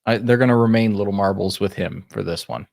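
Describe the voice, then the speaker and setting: A man's voice: lowish voice, a little fast, gravelly, a little mellow. A man co-hosting a fantasy football podcast in casual chat, talking in an offhand, hedging way. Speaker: podcast co-host.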